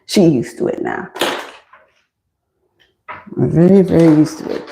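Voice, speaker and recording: A woman with a low, gravelly, mellow voice hosts a relaxed livestream. She chats with viewers and answers their comments as she works. She records on her phone in a small, warm washroom. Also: a little slow, long pauses, a little hiss or hum, rough recording. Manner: chatty, answers chat comments while working. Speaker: livestream host styling a wig. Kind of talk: casual chat with live viewers. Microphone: phone camera.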